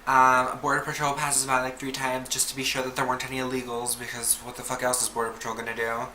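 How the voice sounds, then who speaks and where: A young woman chats through a casual storytime vlog, loose and profane, with "like" in every other phrase. Her voice is bright and forceful. The room rings with a roomy echo over faint noise. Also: rumbling low, level tone, fast talker. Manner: chatty, heavy on "like" and swearing. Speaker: vlogger.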